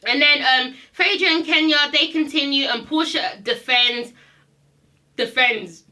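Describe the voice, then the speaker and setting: Speaking at a measured pace, this woman has a high-pitched, sharp-toned voice. She rants through a reality TV episode recap as a reviewer, casual, blunt and sassy, swearing freely and repeating herself for emphasis.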